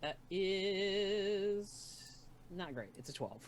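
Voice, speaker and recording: A woman's voice: medium pitch, lively intonation, very slow, a little hiss or hum. A woman playing in a tabletop game, blunt and jokey, with crude asides. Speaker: player. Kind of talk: casual tabletop play.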